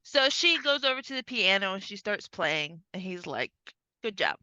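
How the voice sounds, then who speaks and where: A woman's voice: normal speed, no room sound, dull audio. A woman co-hosting a podcast in casual chat, retelling a film scene by scene and acting out the characters' lines. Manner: animated, acts out characters' lines with big pitch jumps. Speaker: podcast co-host.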